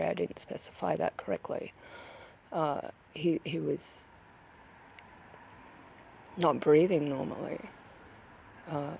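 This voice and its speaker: Very gravelly, upset speaker. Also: medium pitch, dark tone, a little hiss or hum. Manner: halting, many restarts, drops to a whisper. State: upset, grieving. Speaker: vlogger. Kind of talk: personal account to camera.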